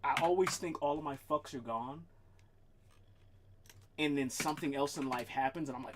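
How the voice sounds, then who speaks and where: A man's voice: medium pitch, moderate pace, long pauses, slight background noise. A man streaming live, ranting casually and swearing a lot, sometimes talking to his cat. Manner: animated, profane, talks to his cat. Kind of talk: casual livestream rant.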